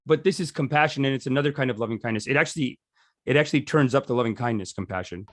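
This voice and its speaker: A man's voice: medium pitch, racing, a bit bright, no room sound, studio quality. A man teaching a meditation session in a loose, rambling, jokey way, often restarting his sentences. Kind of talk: casual teaching talk.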